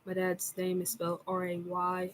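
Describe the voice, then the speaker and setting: A woman telling a personal story in a casual vlog, in a soft, halting way with frequent fillers. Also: on the low side, completely flat delivery, slight background noise, low-quality recording. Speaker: vlogger.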